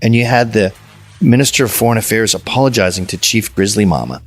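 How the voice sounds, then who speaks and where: A man's voice: fairly low pitch, fast talker, breathy edge, soft background music. A man from Canada, a podcast guest telling blunt, provocative stories in casual interview chat. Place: suburban home.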